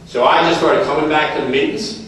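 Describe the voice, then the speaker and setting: A man with an American accent speaking at a recovery meeting, telling folksy stories, quoting his sponsor and talking fast to keep from stuttering. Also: fairly high pitch, fairly even intonation, a bit bright, a little hiss or hum. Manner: talks fast to avoid stuttering. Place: meeting room. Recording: distant mic in echoey meeting hall.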